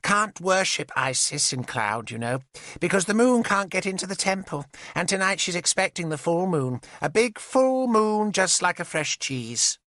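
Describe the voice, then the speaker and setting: A man's voice: high voice, very animated, normal speed, pushed and bright, no echo, studio quality, pitched above the performer's own voice, full character voice. A man voicing a giggly, odd plump woman. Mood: whimsical. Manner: singsong, childlike, giggling. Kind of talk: audiobook character voice.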